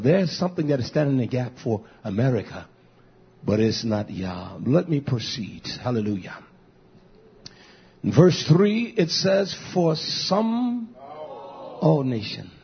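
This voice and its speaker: A man preaching a fiery sermon as pastor, swinging from shouted peaks to low murmured asides, with many "uh" fillers. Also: creaky, muffled recording, slight background noise.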